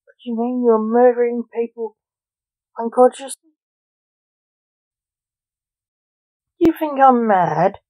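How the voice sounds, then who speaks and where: A man's voice: sits high, steady tone, unhurried, no echo. A reader voicing an impatient, short-tempered father who rules the afterlife, snapping his lines over a narrow phone-like recording. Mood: angry.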